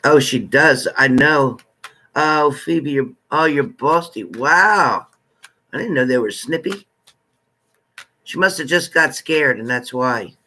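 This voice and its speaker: Bright-voiced chatty man hosting a live stream. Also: mid-range voice, animated, slow pace. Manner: chatty, greets viewers by name in warm familiar terms. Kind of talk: casual live-stream chat with viewers.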